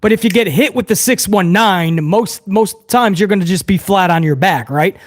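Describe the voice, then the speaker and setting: A man's voice: sits high, normal speed. A man hosting a live watch-along review, ranting heatedly to his chat with plenty of swearing. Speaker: host of a wrestling review show.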